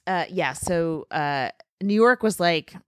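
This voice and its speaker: A woman's voice: lowish voice, animated, slow, clean tone, no room sound, studio quality. A woman co-hosting a podcast, chatting enthusiastically about her week of gigs. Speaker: podcast co-host. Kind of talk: casual chat.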